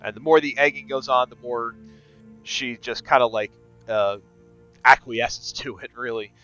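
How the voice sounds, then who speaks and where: A man narrating a tabletop game as game master, in a relaxed way with many filler sounds. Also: medium pitch, unhurried, lo-fi sound, soft background music.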